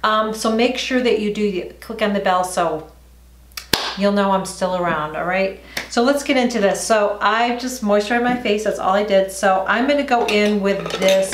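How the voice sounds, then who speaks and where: A middle-aged woman at a mid pitch, talking through her makeup routine in a chatty, easygoing way. Her voice bounces around an echoey room at home. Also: moderate pace, background noise. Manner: chatty, talks while applying makeup. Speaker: beauty vlogger. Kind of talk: casual makeup tutorial.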